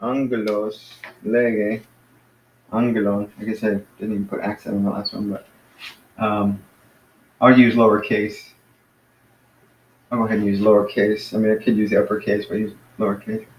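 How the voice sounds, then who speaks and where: A man teaching a casual lesson to a class, patiently explaining and slowly sounding out words. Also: on the low side, flat delivery, slight background noise. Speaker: Greek teacher. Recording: echoey room, mic far off.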